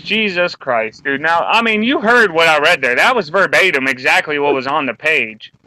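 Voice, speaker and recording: Man with a high, bright voice, ranting, cursing, angry round table host. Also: animated, normal speed, low-quality recording. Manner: ranting, heavy swearing. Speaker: podcast co-host.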